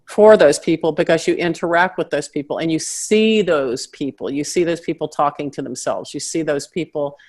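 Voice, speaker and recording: A middle-aged woman with a slight Southern American accent, telling stories in a casual interview and acting out other people's voices with big jumps in pitch. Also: normal speed, few pauses, darkish tone. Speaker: comedian and actress guest.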